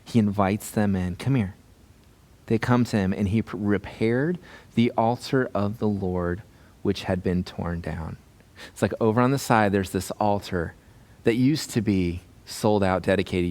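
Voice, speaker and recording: Animated man preaching a sermon. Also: fairly low pitch. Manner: animated, acts out voices in retelling. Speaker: pastor.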